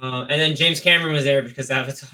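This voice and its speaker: A man co-hosting a podcast, leading a chatty, lively chat about film awards. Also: mid-range voice, fast talker. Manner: chatty, lively, leads the talk. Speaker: podcast co-host.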